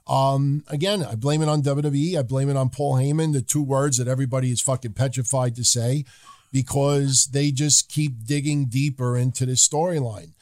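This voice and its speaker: Podcast dude reading off names, chill and level, mid voice, really dry mic. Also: male voice, medium pitch, no echo. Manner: calm, measured, occasionally swearing. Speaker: co-host. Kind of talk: casual podcast chat.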